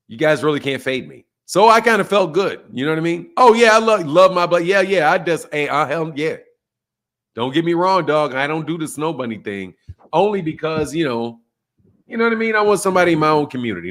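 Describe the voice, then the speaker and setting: Male stream host, slightly high voice, brash and profane, loose chatty delivery. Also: a bit bright. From United States. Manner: swears freely, boastful and joking. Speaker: boxing channel host. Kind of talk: casual live-stream chat.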